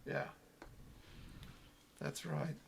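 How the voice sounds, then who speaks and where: A man chatting casually on a video call, rambling and agreeable. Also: very slow. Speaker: ukulele group member.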